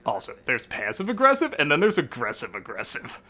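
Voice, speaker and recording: A man's voice: mid-range voice, wildly swooping pitch, a little fast, sharp tone. A man reviewing a film in a comedic, sarcastic style, with jokey asides. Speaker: film critic. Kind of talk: comedic movie review narration.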